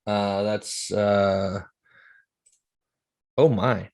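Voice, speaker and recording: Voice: low voice, steady tone, extremely slow, darkish tone. A player in a tabletop game, laughing and sheepish while sorting out a dice roll. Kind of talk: casual tabletop play.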